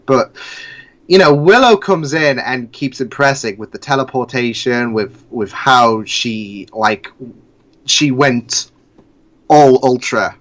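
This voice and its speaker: Podcast host guy, slow halting casual chat, lots of ums and restarts. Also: mid-range voice, a bit bright. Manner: halting, many fillers and restarts.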